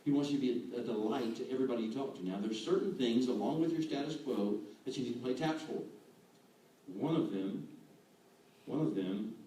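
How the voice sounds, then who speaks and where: A man giving an animated sermon as a guest speaker, acting out quoted voices. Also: mid-range voice, fairly quick. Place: church hall. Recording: echoey hall, distant mic, faint room noise.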